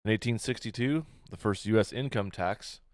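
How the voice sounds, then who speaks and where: A man's voice: on the low side, normal speed, no room sound, studio quality. A man co-hosting a casual podcast, reading history facts in a laid-back, crude way and laughing often. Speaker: podcast co-host.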